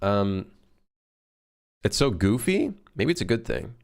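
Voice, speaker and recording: Man, casual live-stream commentary, low gravelly voice, excitable, swears a lot. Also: slow. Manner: excitable, swears and jokes while working. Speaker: game developer streaming.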